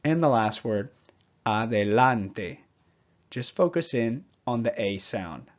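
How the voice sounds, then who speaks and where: A man leads a pronunciation lesson at an unhurried, deliberate pace, patiently saying each example word twice. His voice sits in a middle register. The audio is slightly dull and muffled. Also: mid-range voice, animated, a little mellow. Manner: patient, repeats example words slowly. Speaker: Spanish teacher. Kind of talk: slow, clear pronunciation lesson.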